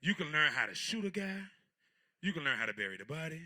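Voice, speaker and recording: Lively, bright-voiced man doing stand-up. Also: fairly high pitch, fast talker, no echo, studio quality. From Portsmouth, Virginia. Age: 30s. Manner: loose, rambling storytelling with crude jokes. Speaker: stand-up comedian. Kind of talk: stand-up set.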